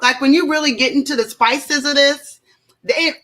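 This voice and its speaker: Bright, high-voiced woman host chatting. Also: moderate pace. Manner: animated, chatty, frequent asides to viewers. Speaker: show host. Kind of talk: casual reaction commentary. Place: at home.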